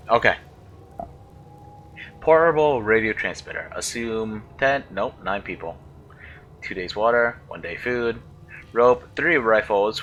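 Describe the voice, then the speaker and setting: A man's voice: on the low side, pushed and bright, a little hiss or hum, poor audio. A man giving casual let's-play commentary, thinking aloud and often unsure, musing over how to pronounce words.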